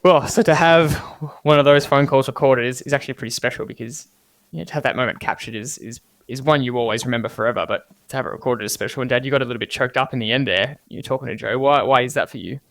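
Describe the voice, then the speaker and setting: A man's voice: medium pitch, quick pace, vocal fry, fairly bright tone, no echo. A young man co-hosting a podcast, talking with energy and enthusiasm. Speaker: podcast co-host. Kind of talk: podcast conversation.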